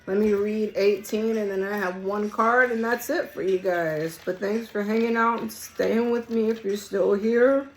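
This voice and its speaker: A hoarse woman, losing her voice, giving a casual collective tarot reading in a blunt, emphatic way and swearing freely. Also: medium pitch, steady tone, a little slow, hardly any pauses, a little hiss or hum, rough recording. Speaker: tarot reader. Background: song playing quietly.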